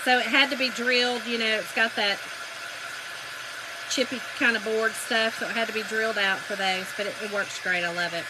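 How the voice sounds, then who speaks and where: Her voice is fairly high and fairly even in intonation, moving at a normal speed with some background noise. This Southern US woman runs a casual crafting livestream, swapping stories with viewers she addresses as y'all.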